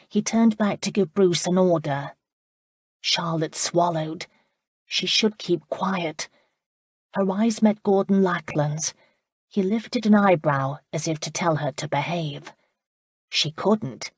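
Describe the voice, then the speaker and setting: A woman reading a historical romance audiobook in calm, even scripted narration. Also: on the low side, slow pace, breathy edge, no echo, studio quality.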